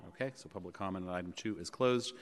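A man chairing a public board meeting in a city hall chamber, measured and pausing often with ums and uhs. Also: sits low. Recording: long reverb of a large chamber.

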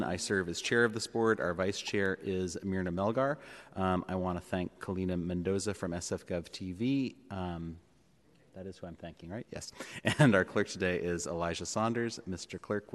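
A man chairing a public board meeting in a relaxed way, with a few fillers. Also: sits low, moderate pace. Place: city hall chamber. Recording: long reverb of a hall.

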